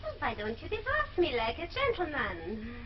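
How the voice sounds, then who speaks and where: A woman's voice: sits high, wildly swooping pitch, normal speed, a little hiss or hum. An actress playing a shrewd, teasing queen, on a distant, muffled old film soundtrack. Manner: teasing, laughs as she bargains. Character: shrewd German queen, playful and sly. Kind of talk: 1930s film acting.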